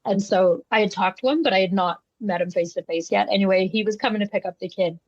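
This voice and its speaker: A woman's voice: mid-range voice, fast talker, no room sound. A woman co-hosting a casual podcast chat, a day home provider who tells stories and acts out the voices. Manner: animated storyteller, acts out voices. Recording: dull, dry lo-fi sound.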